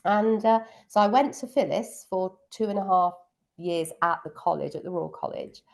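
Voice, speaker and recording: A middle-aged woman speaks in a low, gravelly register. She recalls her past warmly and at a relaxed, conversational clip, filling pauses with soft ums. She sounds like a seasoned piano teacher being interviewed. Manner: fond, reminiscing, frequent ums. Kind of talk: casual interview chat.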